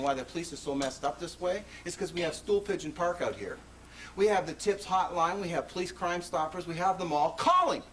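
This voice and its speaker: A man giving an impassioned public talk, telling his own story in an emphatic, conversational way with sudden rises in his voice. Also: very high-pitched. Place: presentation venue before an audience. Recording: distant mic with faint noise, 1980s video.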